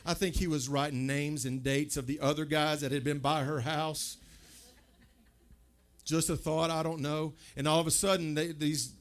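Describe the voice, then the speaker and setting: A man's voice: a little high, fairly bright tone. A male pastor preaching a sermon in a conversational way, asking the listeners questions and often stumbling over and repeating his words.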